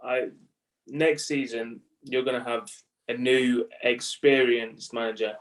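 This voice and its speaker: A man's voice: mid-range voice, level tone, slow, recorded from a distance, rough recording. A man casually asking questions and laughing along in a football chat. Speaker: podcast co-host.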